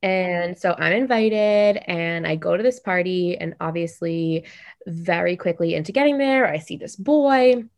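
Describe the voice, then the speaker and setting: A young adult woman telling a funny story in casual podcast chat, animated and full of "like". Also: fairly low pitch. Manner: animated, fast, heavy use of "like".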